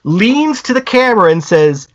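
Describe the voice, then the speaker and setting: A man co-hosting a podcast, retelling a story in a casual, animated way with many halting restarts. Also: high voice. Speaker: podcast co-host. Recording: dull lo-fi podcast audio.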